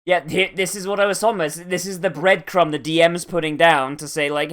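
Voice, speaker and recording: An anime reviewer talks through an episode in loose, profane, rambling commentary. The delivery is animated and full of asides. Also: medium pitch, fairly quick, hardly any pauses. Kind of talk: casual reaction commentary.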